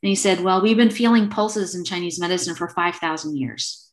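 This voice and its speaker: Lively storytelling woman in her fifties. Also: fairly low pitch, a little fast. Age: 50s. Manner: lively storyteller acting out quoted exchanges. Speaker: acupuncturist guest. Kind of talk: casual storytelling interview.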